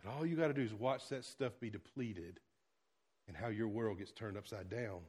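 A male pastor preaching a sermon, swinging between loud exclamations and hushed, quiet lines. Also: lowish voice, normal speed, breathy edge.

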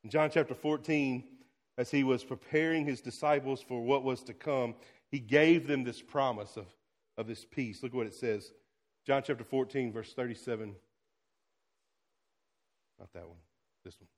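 A male pastor preaching a sermon, swinging between loud exclamations and hushed, quiet lines. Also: a little high, normal speed, pauses often.

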